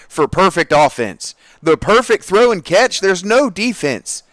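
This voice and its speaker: A man giving casual, profane commentary over a football video game, swinging from low muttering to loud excited outbursts. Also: unhurried, no room sound, studio quality. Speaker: gaming streamer.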